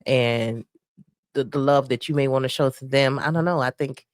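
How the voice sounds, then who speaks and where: A woman co-hosting a faith-based marriage podcast, talking softly and reflectively with many pauses and fillers. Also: extremely low pitch, no echo, clean studio sound. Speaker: podcast co-host. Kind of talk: casual faith-based chat about marriage.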